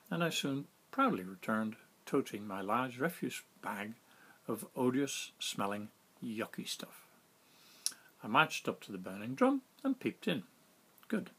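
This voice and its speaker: A man reading his own story aloud in a wry, self-mocking, lively way. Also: medium pitch, husky. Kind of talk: storytelling narration.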